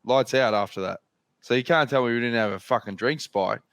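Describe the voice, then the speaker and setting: A man's voice: medium pitch, fairly quick, creaky, a bit bright, smooth, no echo. Australian man telling rambling yarns. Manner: swears freely, rambling anecdotes. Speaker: podcast host. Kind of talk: casual storytelling chat.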